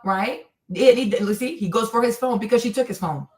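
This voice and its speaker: A woman host talks her viewers through a video clip, stressing each point. She keeps asking "right?" and "you see?", and she acts out the people in the clip in quoted voices. Her voice sits a little high. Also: moderate pace, a bit bright. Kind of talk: commenting on a video.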